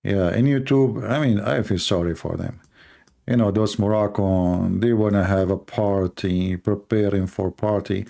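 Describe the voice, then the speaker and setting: A man hosting a live stream, talking in a rambling, joking way with halting, broken grammar. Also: on the low side, creaky. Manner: animated, joking, teasing, with halting non-native grammar. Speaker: live-stream show host.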